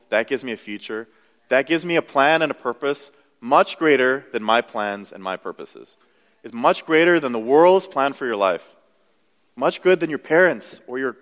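Young man, pastor, relaxed conversational sermon, average pitch, long hall reverb. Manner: conversational, self-deprecating, many "you know"s.

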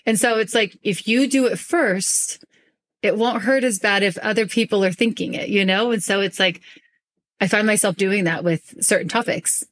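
A woman hosting a podcast in casual chat, talking fast and rambling with lots of fillers. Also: mid-range voice, a bit bright. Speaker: podcast host.

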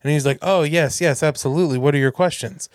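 A man's voice: a little high, quick pace, no room sound, clean studio sound. A man co-hosting a casual podcast, telling stories with energy and acting out the phone calls he describes. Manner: animated storyteller, acts out phone calls. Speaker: podcast co-host. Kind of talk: casual chat.

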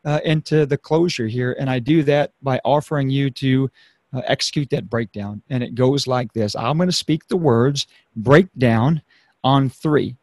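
A man's voice: a little high, dry recording. Upbeat male podcast host, dry sound. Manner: upbeat, energetic, hypes the sign-off; repeats words when starting a phrase. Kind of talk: casual interview talk.

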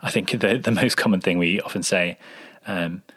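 A man's voice: low-pitched, normal speed, a bit bright, slightly rough. A man, a sound designer, explaining editing advice in an interview answer and acting out example lines. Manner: explanatory, acts out example dialogue.

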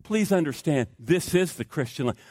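A man's voice: fairly high pitch, expressive, moderate pace, a little mellow, dry recording, studio quality. A middle-aged male pastor preaching a sermon in an emphatic, repetitive way with rising outbursts.

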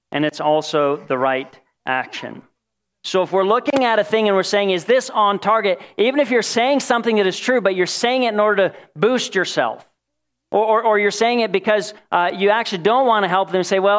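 A man teaching from the Bible in a relaxed, conversational way. His voice sits a little higher than most men's, and he often turns to his listeners with questions. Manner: conversational, asks the listeners questions, acts out quoted lines. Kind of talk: teaching talk on scripture.

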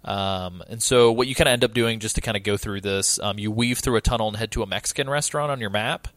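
A man talking through a horror game in a relaxed podcast chat, full of ums and casual swearing. His voice sits low and the sound is dry and close, with almost no room around it. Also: fast talker, dry recording. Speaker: podcast co-host discussing a game.

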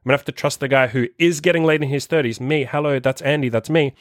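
A man in his thirties hosts a dating-coach podcast, delivering a blunt, profane motivational rant that's forceful and rambling. His mid-range voice is steady and fast, in a dry, studio-quality recording.

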